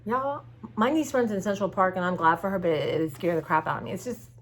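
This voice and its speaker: A woman's voice: on the low side, fast, slight background noise. A woman vlogging about her art journaling, chatting to her viewers in a rambling, open-hearted way, with many restarts. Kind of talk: casual chat to viewers. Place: at home.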